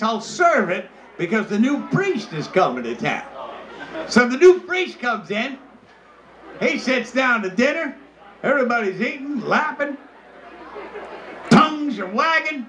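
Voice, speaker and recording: A male comedian telling a raunchy story in a loud, brash delivery, breaking into shrieks. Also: very high-pitched, big pitch swings, normal speed, a crowd in the background. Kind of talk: stand-up storytelling. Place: crowded bar. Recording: noisy crowded bar.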